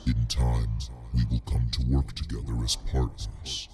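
A man voicing a cold, calmly menacing inhuman creature in a deep gravelly rumble, slow and matter-of-fact. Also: faint music behind.

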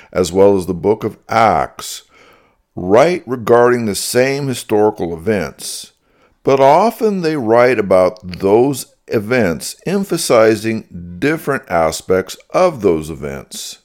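A man reading a prepared Bible teaching in a measured, methodical way, marking each quotation aloud. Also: on the low side, a little mellow. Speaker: Bible teacher answering critics. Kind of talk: scripted reading.

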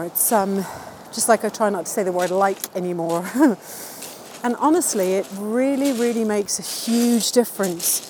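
A woman's voice: medium pitch, darkish tone, a little hiss or hum, rough recording. A woman answering interview questions in a casual, upbeat and chatty way, laughing now and then at her own wordplay. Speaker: interviewee sharing wellbeing tips.

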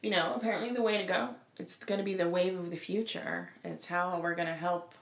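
A woman co-hosting a casual podcast, telling stories in an animated, teasing way. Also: on the low side, fairly quick. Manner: animated storyteller, dry and teasing. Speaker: podcast co-host. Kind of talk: casual chat. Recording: roomy echo.

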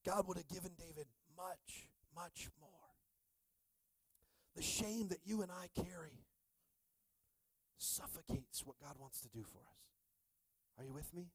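A man's voice: sits high, a little slow, pauses often, slightly rough, no room sound. Fired-up male pastor preaching. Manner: energetic, repeatedly asking "are you with me?". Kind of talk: sermon.

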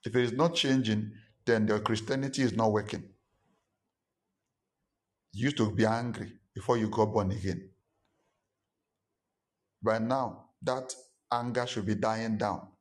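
A man's voice: fairly low pitch, steady tone, measured pace, pauses often. A man preaching a sermon as a pastor. He talks emphatically, repeats his points and acts out the people he quotes.

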